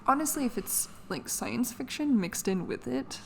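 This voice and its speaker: A woman's voice: fairly high pitch, sing-song, moderate pace, creaky, a little hiss or hum. Giggly rambling young woman. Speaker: podcast co-host. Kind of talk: casual chat.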